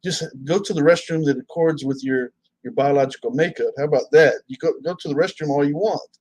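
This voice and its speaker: A man's voice: a little high, a little mellow, no echo, low-quality recording. Earnest man in a dry close recording. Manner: measured, earnest, with many restarts. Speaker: Muslim preacher. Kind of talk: casual conversation.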